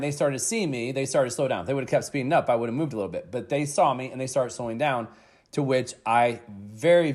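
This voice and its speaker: A man's voice: medium pitch, a little mellow. A man in his thirties hosting a motivational podcast, telling a story emphatically with casual fillers and the odd swear word. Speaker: podcast host.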